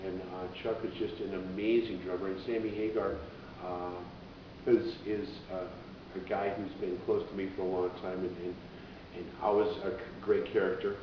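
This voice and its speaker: Low-voiced radio dj guy rambling thru stories, sounds far off in an echoey room w a rumble. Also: flat delivery, normal speed, muffled recording. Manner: rambling, acts out voices in quotes. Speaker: radio DJ and musician, interview guest. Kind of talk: casual conversational storytelling.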